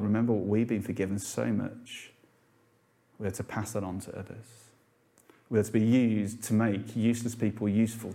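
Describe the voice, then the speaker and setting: A man's voice: lowish voice, warm tone. A man preaching a sermon to a congregation in an earnest, unpolished way, asking rhetorical questions with some fillers and restarts.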